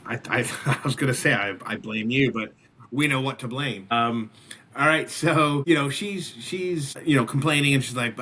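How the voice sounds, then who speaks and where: A man's voice: mid-range voice, animated, a little slow, bright, forceful tone, husky. A man hosting a casual wrestling recap podcast, talking animatedly and often restarting his sentences. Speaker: wrestling show recap host.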